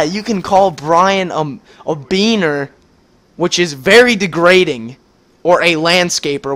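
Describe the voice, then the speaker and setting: High-voiced teenage boy ranting indignantly. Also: fairly bright tone. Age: teens. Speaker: student vlogger. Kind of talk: angry rant to camera.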